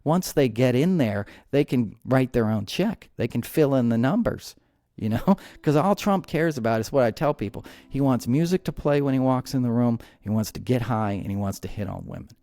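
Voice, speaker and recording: A man's voice: medium pitch, expressive, moderate pace, dark tone, no echo. A man hosting a podcast, ranting heatedly about politics with many restarts and repeated words. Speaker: podcast host. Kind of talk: angry political commentary.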